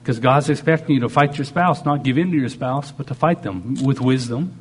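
A man's voice: mid-range voice, fairly quick. A man preaching a sermon, shifting dramatically in tone and acting out the voices he quotes. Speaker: pastor.

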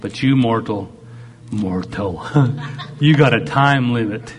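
A man's voice: medium pitch, slow pace. A man preaching a sermon. He talks animatedly and acts out God speaking in short quoted lines. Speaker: pastor.

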